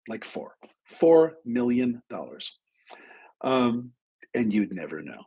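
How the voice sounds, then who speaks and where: A middle-aged man hosting a live advice stream, telling a story from his clinical work with animated asides. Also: lowish voice, slow, slightly rough. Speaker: host, clinician.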